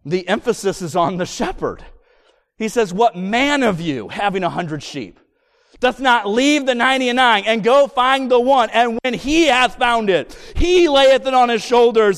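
A man preaching a sermon in church, reading scripture slowly and building to emphatic points. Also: very high voice, animated. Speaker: pastor. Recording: long reverb of a church hall.

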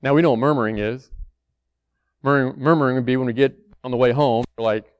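A man's voice: medium pitch, steady tone, fast, smooth, no room sound. Conversational preacher man, dry sound. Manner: conversational preaching, acts out worried church members. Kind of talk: sermon.

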